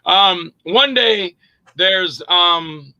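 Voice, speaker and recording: Bright-voiced man telling set stories. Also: sits high, extremely slow, lo-fi sound. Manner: lively storyteller who acts out other people's lines; loose and rambling, with profanity. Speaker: film actor and director, interview guest. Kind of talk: casual anecdote-telling in an interview.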